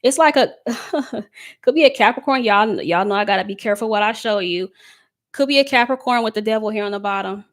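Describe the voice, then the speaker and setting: A woman's voice: on the high side, a little fast. A woman giving a casual live tarot love reading, talking loosely to her viewers, reading out their comments and laughing often. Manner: chatty, reads chat comments aloud, laughs often. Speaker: tarot reader.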